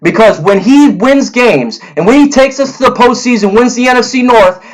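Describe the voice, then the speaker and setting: A man's voice: extremely high pitch, animated, moderate pace, rough recording. A man hosting a sports fan channel, ranting heatedly with many restarts and repeated words before moving on to draft predictions.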